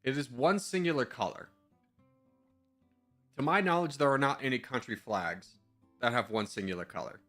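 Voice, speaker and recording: A man's voice: medium pitch, normal speed, long pauses, fairly bright tone, soft background music. A male streamer in casual live-stream commentary, thinking aloud in a chatty, self-mocking way.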